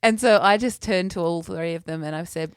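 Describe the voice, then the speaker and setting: A woman co-hosting a podcast, telling an animated story in casual chat and laughing often. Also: lowish voice, brisk, smooth, no echo, studio quality. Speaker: podcast co-host.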